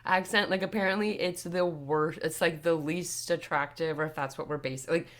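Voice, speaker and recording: A woman's voice: low voice, fairly even intonation, normal speed. A woman with a Toronto accent, a guest musician chatting over a remote call in a rambling, self-deprecating way full of "like". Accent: Toronto Canadian English. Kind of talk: casual livestream chat.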